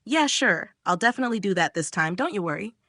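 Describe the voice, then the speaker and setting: A smug, cocky young man from a comic recap, teasing and full of himself, as a woman reads his lines. The voice sits at a middle pitch and sounds dry and close. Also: animated, fast talker, bright, forceful tone, no echo.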